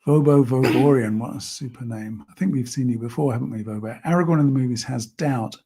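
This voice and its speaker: A man hosting a live-stream discussion, speaking in a measured, thoughtful way and reading out viewer comments. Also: mid-range voice, creaky, dark tone, husky. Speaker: host.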